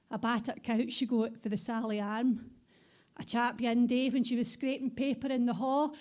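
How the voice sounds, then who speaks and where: A Scottish woman recites Scots-laced poetry live in a bar, her rhythmic delivery bouncing along. Her voice sits on the higher side, and she reads into a stage microphone. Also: darkish tone. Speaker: poet. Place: bar venue, live event.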